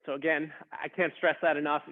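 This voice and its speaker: A fitness instructor with a fairly high voice talks briskly and flatly, giving casual, encouraging beginner coaching while straining in a plank. The audio is thin and tinny, like a phone.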